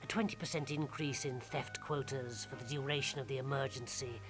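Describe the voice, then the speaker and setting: A man's voice: mid-range voice, steady tone, brisk, music in the background, close to an everyday voice. A man voicing a wheedling sly thief. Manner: conspiratorial, wheedling. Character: sly male thief haggling over quotas.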